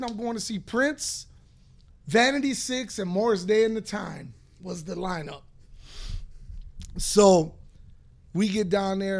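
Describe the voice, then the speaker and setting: A man in his fifties hosting a podcast, telling a long profane story in a rambling, animated way. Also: sits high, gravelly. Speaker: podcast host. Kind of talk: casual storytelling.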